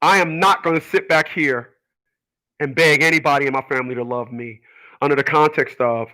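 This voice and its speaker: Hosting his own radio show, a man with a mid-range, sharp-toned voice speaks at a moderate pace in a casual monologue. He is emphatic and rambling, repeating himself and stumbling into restarts, all captured in poor audio.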